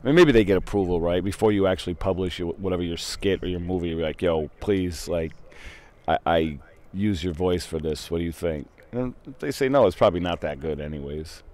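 Rambling low-voiced young man. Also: a little fast, a little mellow. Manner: rambling, profane, easily sidetracked. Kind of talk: casual voice chat. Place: at a computer in a voice channel.

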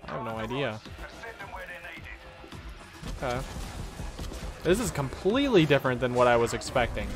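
A man's voice: mid-range voice, sing-song, over music. A sleepy man streaming a live reaction to a game showcase, thinking aloud and trailing off mid-sentence. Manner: thinks aloud, drowsy and unhurried, trailing off and restarting. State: sleepy, yawning. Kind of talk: casual live reaction commentary.

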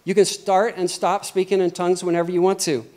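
A middle-aged man preaching a sermon in a lively, conversational way, often acting out quotes. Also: high-pitched, a little fast.

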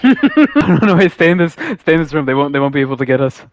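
Excitable young man gaming with friends. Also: on the high side, fast talker, no echo. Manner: joking, excitable, swears a lot. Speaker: gamer. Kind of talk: casual gaming chat.

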